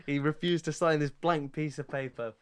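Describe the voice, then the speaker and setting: A man's voice: a little high, fairly even intonation, normal speed, smooth. A man hosting a comedy podcast, telling stories through constant giggles. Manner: giggly, jokey storyteller. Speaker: podcast host.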